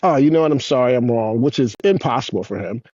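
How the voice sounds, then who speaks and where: A man in his fifties, a guest on an interview show, telling rambling, profane stories in a casual, animated way. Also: medium pitch, fast, no echo, muffled recording. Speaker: guest, former pro skateboarder. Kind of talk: casual storytelling.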